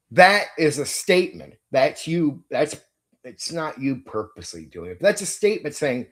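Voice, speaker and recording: A man's voice: a little high, sing-song, moderate pace. A middle-aged man, host of a tabletop game channel, ranting in blunt, profane casual talk and repeating himself. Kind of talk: casual opinion rant to a viewer.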